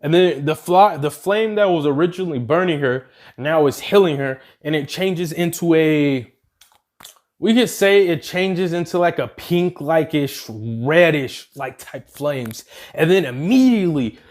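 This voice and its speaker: A man with a fairly high voice improvising a fan story out loud. He rambles and fills gaps with "like" and "um," correcting himself as he goes along. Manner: rambling, with fillers and self-corrections.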